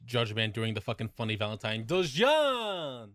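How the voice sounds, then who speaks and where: Male podcast co-host, animated pitch, crude jokey banter, dry close sound. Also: brisk, no room sound. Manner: loud, jokey, swears freely, puts on voices. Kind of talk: casual chat.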